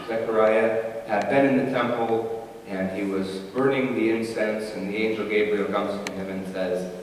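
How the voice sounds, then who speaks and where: A man's voice: fairly low pitch, steady tone, normal speed, distant mic, slight background noise. A male pastor giving a conversational, humorous sermon in a church, heard from afar in an echoey hall.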